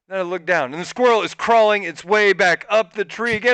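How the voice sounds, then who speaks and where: A man co-hosting a podcast, telling a story in a casual, animated way, swearing and jumping to a squeaky high pitch when he quotes himself. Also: fast, no room sound. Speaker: podcast co-host.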